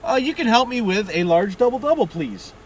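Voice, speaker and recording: A man's voice: high voice, very animated, brisk. A man with an Ontario Canadian accent talks in a rambling driving vlog, tagging his lines with "it is" and "boys". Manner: rambling, tags lines with "it is", "boys", "friggin' right". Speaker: vlogger. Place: inside a van, driving with a window open. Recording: windy, from a distance in a car.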